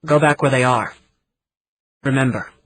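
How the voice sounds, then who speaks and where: A man reading an audiobook, voicing a grizzled old man who speaks quietly, gently but firmly. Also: mid-range voice, normal speed, natural voice, low-quality recording. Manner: quiet, gentle yet commanding.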